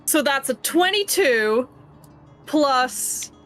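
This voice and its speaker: A woman's voice: high-pitched, animated, drawn-out words, a bit bright, soft background music. A woman player in a tabletop game, casual and playful, swearing freely.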